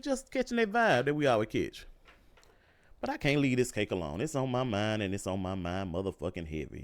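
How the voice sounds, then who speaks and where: A young man, telling a casual storytime monologue in an animated, profane way, repeating lines for emphasis. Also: fairly high pitch.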